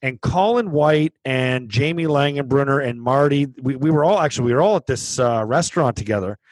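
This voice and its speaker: A man's voice: mid-range voice, animated, a little fast, no echo, poor audio. A man, a former hockey player, chatting casually, leaning on fillers and prompting stories from his guest. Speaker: podcast host, former pro hockey player. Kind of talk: casual chat.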